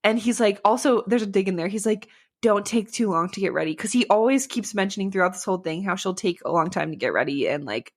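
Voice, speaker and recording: A young woman co-hosting a podcast, recapping a book in a chatty, sarcastic way with frequent laughs. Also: mid-range voice. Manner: chatty, sarcastic, laughs often, quick asides. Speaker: podcast co-host. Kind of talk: casual chat recapping a book.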